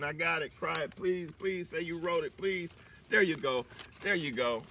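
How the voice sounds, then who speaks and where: A man's voice: sits high, lively intonation, normal speed, sharp tone, slight background noise. A man hosting a live inspirational broadcast, preaching emphatically and repeating his key lines. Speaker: broadcast host.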